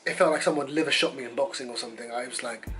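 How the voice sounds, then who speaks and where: A man vlogger telling a story to camera in a casual, animated, profane and self-mocking way. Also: medium pitch, racing. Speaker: travel vlogger.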